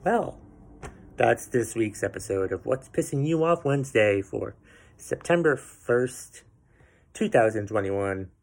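A man's voice: mid-range voice, animated, unhurried, creaky, a little mellow. Profane ranting male podcast host. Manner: profane, exasperated ranting with sarcastic asides. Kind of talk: ranting commentary.

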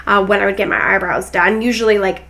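A woman's voice: medium pitch, fairly even intonation, fast talker, sharp tone. A young adult woman co-hosting a casual podcast chat, talking in a chatty way full of "like" and "um". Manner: chatty, filler-heavy with "like" and "um". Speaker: podcast co-host.

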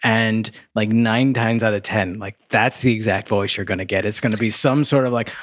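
A man's voice: fairly low pitch, steady tone, moderate pace, fairly bright tone, no echo, clean studio sound. A man co-hosting a casual movie review podcast, making wry joking asides. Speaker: podcast co-host.

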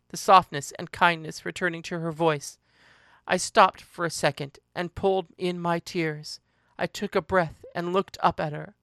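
A narrator reading a first-person story aloud in a slow, emotional, deliberate way. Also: mid-range voice, pushed and bright, no room sound, clean studio sound.

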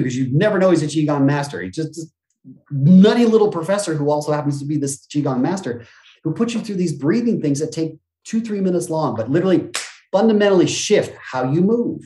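A man talking as a motivational speaker and business coach on a podcast, energetic, acting out quoted voices and gasps, with some casual swearing. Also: fairly high pitch, echoey room. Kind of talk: energetic conversational interview talk.

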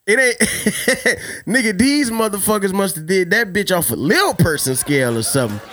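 Man, loud, profane, laughs a lot, fairly high voice, podcast host. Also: expressive, moderate pace, dry recording, clean studio sound. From Louisiana. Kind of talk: casual rambling storytelling.

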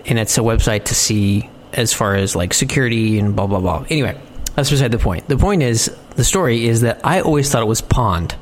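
A man hosting a podcast, chatting casually in a rambling, self-mocking way with halting restarts. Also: mid-range voice. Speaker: podcast host.

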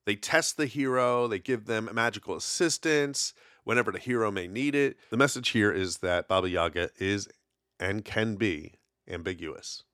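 A podcast host with a slightly low, somewhat bright voice rambles through folklore at a normal speed on his casual solo show, using plenty of filler words. The studio sound is clean with no echo.

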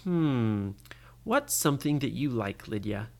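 A brave, kind young boy captain in a bedtime story, voiced by a parent. He talks gently and reassuringly at a slow, unhurried pace, with a lively, varied pitch. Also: gravelly. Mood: gentle.

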